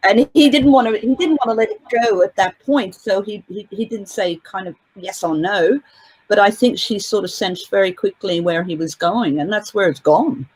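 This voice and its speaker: A woman of middling pitch talks through an interview as a guest commentator. She winds through long, complex sentences, restarting and hedging with frequent fillers as she gathers her thoughts. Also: moderate pace, darkish tone, slightly rough, poor audio. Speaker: guest commentator on a court case. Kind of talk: casual interview talk.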